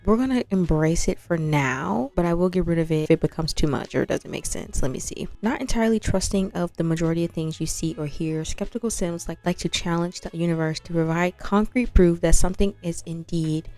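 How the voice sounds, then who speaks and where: A woman hosting a game channel, chatting in an animated, slangy way and calling her viewers "y'all". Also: on the low side, brisk, few pauses. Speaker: gaming channel host. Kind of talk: casual let's-play commentary. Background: faint background music.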